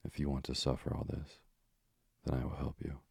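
A man voicing a hideous, scornful old sea witch in a storybook reading, with slow, gravelly menace. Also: rumbling low, monotone, darkish tone, no echo, clean studio sound, exaggerated voice. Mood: menacing.

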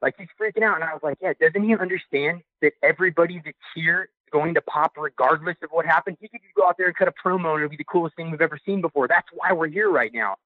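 Fast-talking man on a tinny phone line. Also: a little high, no room sound. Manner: excited, quick, loose slang. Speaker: podcast caller sharing a story. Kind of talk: casual storytelling. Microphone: phone call.

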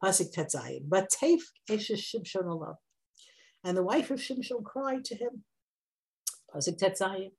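A woman teaching a Bible class, lively and conversational, jumping up high when she acts out quotes. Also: a little slow, gravelly. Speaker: Torah teacher.

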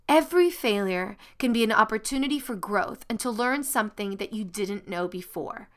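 A woman's voice: sits high, fairly bright tone. A woman hosting a motivational podcast, reading a passage with dramatic emphasis and then talking earnestly and encouragingly to her listeners. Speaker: podcast host.

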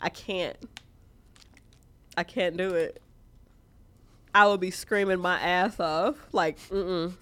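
A woman co-hosting a podcast, chatting casually and telling stories in an animated, profane way. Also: lowish voice, slow pace, long pauses. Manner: profane, animated storytelling with frequent laughs. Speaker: podcast co-host. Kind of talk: casual chat.

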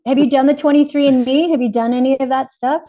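A woman's voice: sits high, fairly even intonation, highs cut off. A middle-aged woman, a guest on a podcast, chatting in an upbeat, talkative way. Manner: upbeat, chatty, quick to laugh along. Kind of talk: casual chat.

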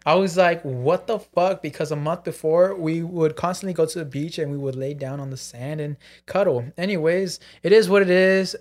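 A man's voice: fairly high pitch, normal speed, hardly any pauses, darkish tone. A man co-hosting a casual podcast, joking bluntly and reading out listener messages. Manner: joking, blunt, swears freely. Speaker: podcast co-host.

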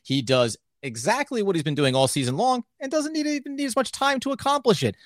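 A man's voice: sits high, animated, fairly quick, no room sound, clean studio sound. A man co-hosting a casual sports podcast, with upbeat, hype-style delivery. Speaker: podcast co-host.

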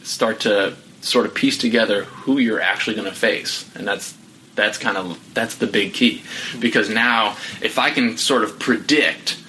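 A man's voice: lowish voice, unhurried, pushed and bright, a little hiss or hum, poor audio. A middle-aged man, a podcast guest, telling his story candidly and reflectively, with many "you know" fillers. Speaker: podcast guest, former pro pitcher.

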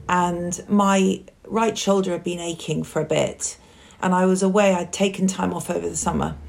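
A woman speaks as a podcast guest, her voice low and edged with gravel. She tells her own story openly, taking her time to reflect. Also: darkish tone. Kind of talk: personal conversation.

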